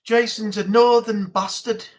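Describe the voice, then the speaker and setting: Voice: mid-range voice, steady tone, unhurried, a little mellow. Chatty, rambling live-stream host. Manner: chatty, rambling, mildly ranting. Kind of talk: casual live-stream chat, reading viewer comments.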